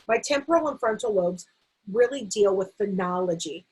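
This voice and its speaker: A woman's voice: medium pitch, animated, moderate pace, slightly rough, rough recording. A middle-aged American woman, a literacy educator, explaining a teaching framework in an explanatory way with frequent fillers and restarts.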